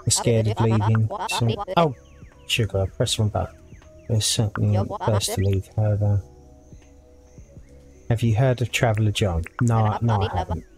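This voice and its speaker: This let's-play creator muses aloud and reads the text on screen while casually commenting on the game he's playing. His fairly low voice moves at a normal speed and pauses often, with music underneath.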